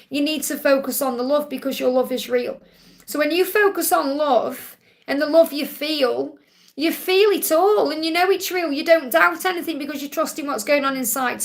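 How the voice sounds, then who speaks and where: This woman has a Stoke-on-Trent accent and a fairly high voice. She hosts a live stream, answering viewers' questions with card readings. She talks gently and reassuringly and repeats her key phrases. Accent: Stoke-on-Trent English. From England.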